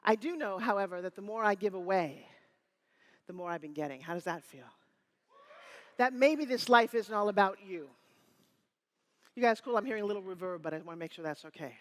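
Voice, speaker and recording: A woman in her fifties giving a live motivational keynote on stage, energetic and teasing, rallying the crowd with call-and-response. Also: medium pitch, a little fast, pauses often. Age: 50s. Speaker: motivational speaker. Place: stage before a live audience in a hall. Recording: room reverb.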